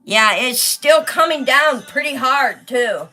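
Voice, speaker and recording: In a high, animated voice with a sharp tone, a middle-aged woman hosts a laid-back livestream at a slow pace. She colors as she chats and reads out what viewers comment.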